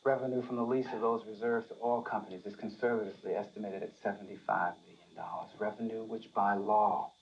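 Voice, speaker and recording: An actor playing a calm, deliberate lawyer who talks in pointed terms, in dull film audio. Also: male voice, lowish voice, natural voice. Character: calm, pointed lawyer confronting a rich family.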